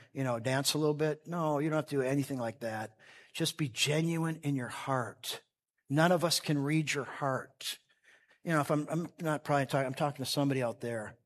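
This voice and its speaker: A man preaching a sermon, swinging between loud fervent passages and quiet earnest ones, acting out the characters of a parable in their voices. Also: medium pitch. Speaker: pastor.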